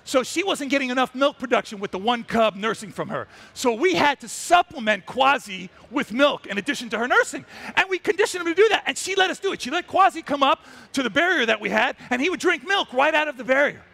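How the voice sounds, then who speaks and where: A man's voice: extremely high pitch, big pitch swings, fast talker, vocal fry, bright, forceful tone. A man telling a wildlife story on a trade show stage, exuberant and acting out the animals. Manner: exuberant, breaks into character voices. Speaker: wildlife photographer giving a stage talk.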